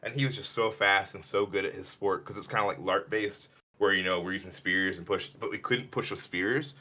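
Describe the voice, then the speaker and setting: Casting: man, podcast co-host, low-ish voice with a bright edge, chatty animated storyteller. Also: fairly quick. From Illinois. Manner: animated, rambling, acts out quotes in a higher voice. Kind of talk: casual storytelling chat.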